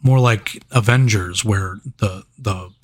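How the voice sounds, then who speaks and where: A man's voice: on the low side, takes it slowly. Profane laughing man reviewing movies. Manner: laughing, profane, animated storytelling. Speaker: podcast co-host. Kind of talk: casual movie review chat.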